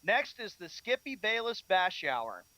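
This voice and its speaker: A man's voice: high-pitched, big pitch swings, unhurried, bright, forceful tone, no room sound, low-quality recording. A man co-hosting a sports talk radio show, reading out headlines and steering the segments.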